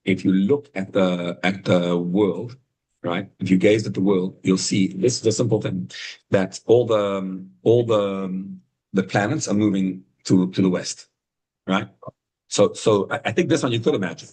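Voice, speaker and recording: Man, rabbi teaching a class, husky voice, animated storyteller, video call. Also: normal speed, poor audio. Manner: animated storytelling, rising to high excited emphasis.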